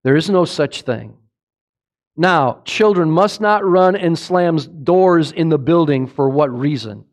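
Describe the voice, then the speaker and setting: A middle-aged man preaches with real fervor, his voice sitting high for a man. He rises to loud, urgent peaks and then drops low and quiet, throwing questions out to the congregation. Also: lively intonation, slow pace. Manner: impassioned, rising and falling, asks the congregation questions. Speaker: pastor. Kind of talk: sermon.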